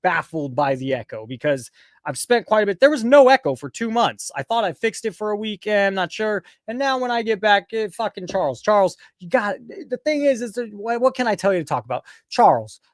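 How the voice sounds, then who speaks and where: A man's voice: sits high, big pitch swings, fairly quick, no room sound, studio quality. A man hosting a casual live call-in show, rambling and swearing as he switches between the chat and his caller. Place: home studio, fighting an echo.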